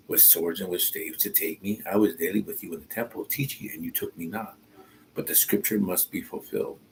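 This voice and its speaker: Deep gravelly man reading scripture. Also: slight background noise, rough recording. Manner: reads slowly and pauses to comment, informal asides. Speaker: Bible teacher.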